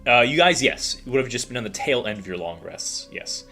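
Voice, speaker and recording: A man's voice: mid-range voice, animated, a little fast, over music. A man narrating a tabletop game as game master, rambling with lots of filler words. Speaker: dungeon master.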